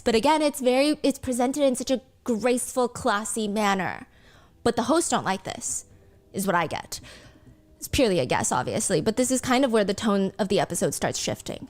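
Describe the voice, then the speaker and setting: A woman with a somewhat high voice narrates a commentary recap of a television clip. She talks in an earnest, sympathetic way, pausing to explain cultural customs to her audience. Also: lively intonation. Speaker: reaction channel host.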